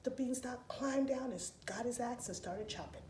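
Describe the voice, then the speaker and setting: A woman telling a story to preschoolers in an expressive, playful, sing-song way. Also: on the high side, normal speed, slight background noise. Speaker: children's storyteller. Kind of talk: animated preschool story time. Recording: roomy echoey room, faint ambience.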